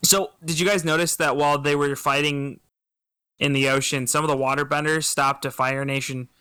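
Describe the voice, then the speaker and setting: A man's voice: fairly high pitch, steady tone, normal speed, bright, forceful tone, clear, resonant tone, no echo. A man co-hosting a casual podcast chat in a playful, teasing way. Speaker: podcast co-host.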